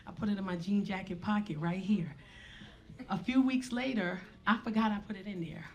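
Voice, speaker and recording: A woman, animated, swinging from hushed asides to loud punchlines. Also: mid-range voice, moderate pace, lo-fi sound. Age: 40s. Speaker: stand-up comedian. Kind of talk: stand-up storytelling.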